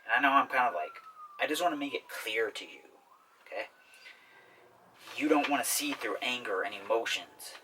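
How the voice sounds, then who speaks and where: A man's voice: mid-range voice, expressive, moderate pace, pauses often, far from the mic, noisy background. A man hosting a self-help talk in a casual explainer style, often checking in with "okay?". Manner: repetitive, keeps asking "okay?". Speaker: self-help video host.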